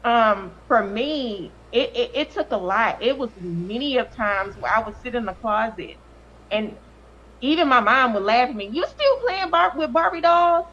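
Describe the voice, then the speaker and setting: A woman's voice: fairly high pitch, moderate pace, sharp tone, muffled recording. A woman giving earnest, emotional personal testimony as a guest, often repeating words. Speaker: cast member and guest.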